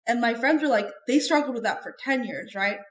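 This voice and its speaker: A woman's voice: a little high, animated, brisk. Chatty woman in an echoey room. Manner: chatty and earnest, heavy use of "like". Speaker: podcast guest. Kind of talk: candid conversational interview.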